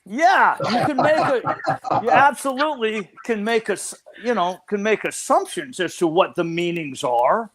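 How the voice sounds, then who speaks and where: A man's voice: high voice, animated, a little slow, a bit bright. An older man, a researcher guest in an interview, explaining at length and often restarting his phrases.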